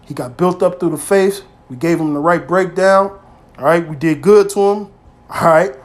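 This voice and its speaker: A man preaching informally to his brothers, with emphatic, street-style speech that swings between loud exhortation and quiet, low asides. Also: moderate pace. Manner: emphatic and streetwise, peppered with "man" and "hey", swearing freely. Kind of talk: informal scripture teaching.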